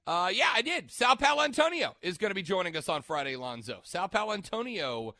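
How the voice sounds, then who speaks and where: Bright-voiced male sports radio host. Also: high-pitched, big pitch swings, fairly quick, no echo. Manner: chatty, rambling, stops mid-sentence to check notes. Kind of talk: casual sports radio chat. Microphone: studio microphone.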